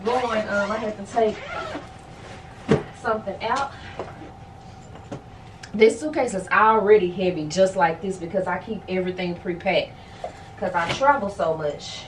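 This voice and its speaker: In her bedroom at home, a lifestyle vlogger chats casually with her viewers, addressing them directly with slang and exclamations. Her mid-range voice is a little slow and a bit out of breath, with frequent pauses over a noisy background.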